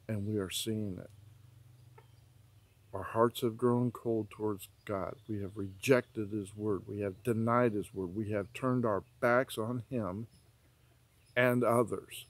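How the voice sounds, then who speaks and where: A man earnestly recounting a prophetic dream in vivid detail, ending in an urgent, preaching warning. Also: fairly low pitch. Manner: vivid storytelling with many repetitions. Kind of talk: earnest spoken testimony.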